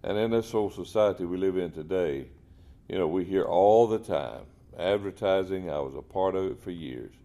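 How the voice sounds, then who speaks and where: A man's voice: sits low, moderate pace, mellow. A man telling faith stories in a folksy, earnest way. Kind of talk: casual Christian talk.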